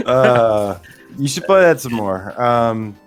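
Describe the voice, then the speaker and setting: A man's voice: mid-range voice, sing-song, slow pace, faint music behind. Rambling, laughing male co-host. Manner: rambling, laughs often, hesitant. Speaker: podcast co-host. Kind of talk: casual live show chat.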